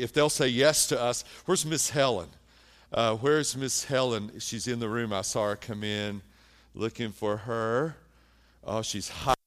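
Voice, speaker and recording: A man preaching a sermon as pastor, animated and emphatic, dropping soft and then rising loud. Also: a little high.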